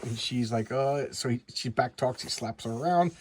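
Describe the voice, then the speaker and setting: A man's voice: mid-range voice, normal speed, slightly rough. A man giving a casual, chatty comic book review, rambling through the story with frequent restarts.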